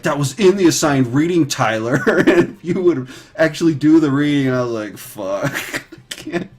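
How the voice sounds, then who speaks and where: Laid-back man in his thirties, slightly low-pitched, talks in loose rambling asides full of fillers and casual swearing; faint guitar music underneath. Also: a little mellow. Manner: rambling, filler-heavy, swears and laughs easily. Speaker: 3D artist streaming his texturing work. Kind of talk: casual chat while painting live.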